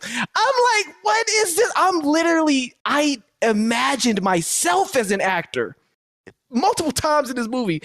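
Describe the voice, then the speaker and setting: A man's voice: extremely high pitch, no room sound, clean studio sound. A man co-hosting a movie podcast, ranting casually and acting out quotes in voices. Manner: animated, profane, acts out quotes in voices. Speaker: podcast co-host. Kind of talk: casual movie review chat.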